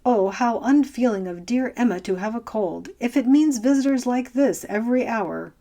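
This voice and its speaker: A woman voicing a fussy, anxious elderly gentleman who talks in a prim, fretful, genteel way. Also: on the high side, normal speed, close to an everyday voice. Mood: flustered.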